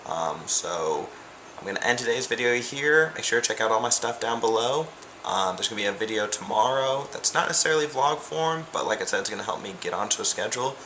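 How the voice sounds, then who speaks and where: A man's voice: mid-range voice, lively intonation, a little fast, pushed and bright, a little hiss or hum. A young man vlogging about his college life in a casual, rambling way, full of "like" and "um". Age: young adult. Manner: rambling, loose, peppered with "like" and "um". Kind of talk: casual vlog chat.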